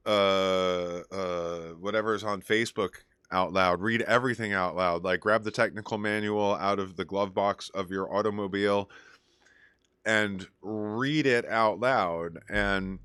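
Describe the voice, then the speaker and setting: A man's voice: fairly low pitch, pushed and bright, clear, resonant tone, dry recording, clean studio sound. A man hosting a casual music show, giving advice and telling stories in a rambling way with lots of fillers. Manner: rambling, many fillers and restarts. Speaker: DJ and show host. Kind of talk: casual chat advice and storytelling.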